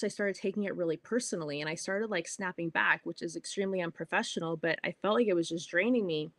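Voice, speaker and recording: A bubbly, middle-aged woman hosting a podcast, telling a personal story in a casual, animated way. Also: mid-range voice, no echo. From California. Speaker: podcast host.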